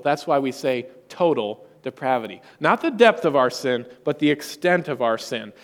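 A pastor preaching a sermon, emphatic and rhetorical. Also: male voice, fairly high pitch, big-room sound.

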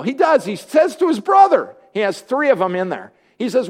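High-voiced man retelling a Bible story. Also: wildly swooping pitch, brisk, few pauses. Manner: playful, joking asides to the congregation. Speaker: preacher. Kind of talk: humorous sermon storytelling.

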